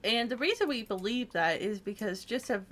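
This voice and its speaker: A woman's voice: on the high side, expressive, normal speed, a bit bright. A woman co-hosting a video game channel, talking in a chatty, meandering way with frequent ums and restarts. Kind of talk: casual chat.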